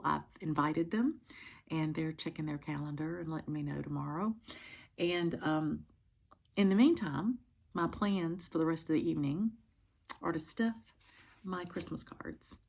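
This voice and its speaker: Middle-aged woman vlogging from home, gravelly bit husky voice, lots of ums. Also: deep voice. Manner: chatty, many ums and pauses. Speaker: cross-stitch vlogger. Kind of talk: casual chat to camera.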